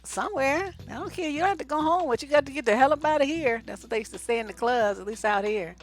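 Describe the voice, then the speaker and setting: A middle-aged woman from Oakland, a relationship coach and host, giving blunt, animated advice to her viewers and laughing often. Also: sits high, fast, soft background music. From Oakland, California. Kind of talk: casual advice talk to viewers.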